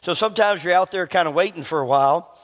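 High-voiced male pastor in a reverberant hall. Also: fast talker. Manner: animated storytelling, acts out quoted voices. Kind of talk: sermon.

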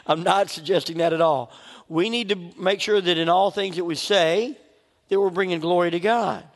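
A man's voice: sits high, moderate pace, long reverb tail. A man preaching a sermon as pastor, conversational and humorous, acting out his own inner voices.

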